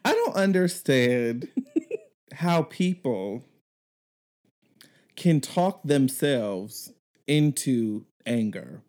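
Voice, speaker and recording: Mellow-voiced man telling a story. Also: medium pitch, extremely slow, long pauses. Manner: animated, laughs often, acts out quoted callers. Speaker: podcast host. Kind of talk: casual chat, storytelling.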